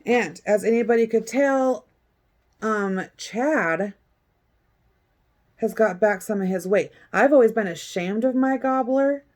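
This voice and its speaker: Woman, vlogger, casual chat, blunt, profane, sarcastic, mid pitch. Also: a little mellow. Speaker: vlogger recapping a court hearing.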